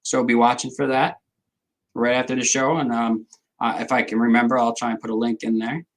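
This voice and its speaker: A man's voice: mid-range voice, flat delivery, a little fast, rough recording. A middle-aged man, hosting a casual livestream, rambling and joking as he answers viewers' comments. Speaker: livestream host.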